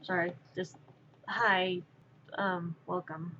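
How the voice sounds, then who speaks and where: A woman streamer chatting casually with viewers while she crafts, rambling and distracted, sometimes muttering softly to herself. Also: fairly low pitch, flat delivery, takes it slowly, slight background noise. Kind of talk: casual live-stream chat. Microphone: wearing headphones. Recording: dull lo-fi stream audio.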